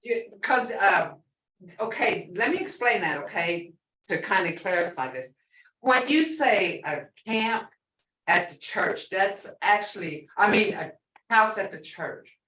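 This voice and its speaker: A woman's voice: mid-range voice, expressive, unhurried, a bit bright, reverberant, recorded from a distance, rough recording. An older woman teaching a language class, chatty and storytelling, repeating words for emphasis.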